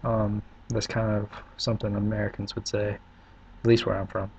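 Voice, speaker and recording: A young man from South Carolina with an Upstate South Carolina accent, talking in a relaxed, halting way with many pauses in a casual video reply. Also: on the low side, vocal fry, slightly rough. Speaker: vlogger. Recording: dull lo-fi webcam audio.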